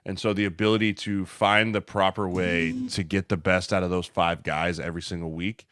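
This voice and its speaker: A man with a very low, deep voice talks through his points in a casual podcast chat, steady and earnest. He checks in with the listener as he goes, and the sound is dry and close, with no room around it. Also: brisk, dry recording. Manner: earnest, explanatory, tags lines with "right?". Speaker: podcast co-host, former offensive lineman.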